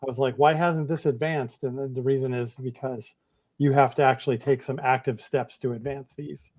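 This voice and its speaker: A man as game master explaining rules in a relaxed, hesitant way with many fillers. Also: medium pitch, normal speed, muffled recording.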